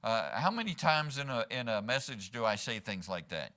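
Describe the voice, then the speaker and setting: Very animated and sharp in tone, a male pastor preaches at a moderate pace with medium pitch. His sermon in the church sanctuary is conversational, full of rhetorical "right?" questions to the congregation.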